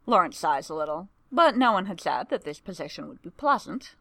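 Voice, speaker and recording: A woman's voice: fairly low pitch, big pitch swings, a little fast, few pauses, a bit bright, no echo. A woman narrating a storybook reading expressively.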